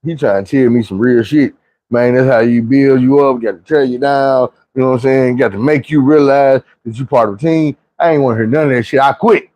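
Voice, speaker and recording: A man's voice: mid-range voice, a little fast, a little mellow, dry recording. A man casually telling a story from his own life in a slangy, profane, conversational way.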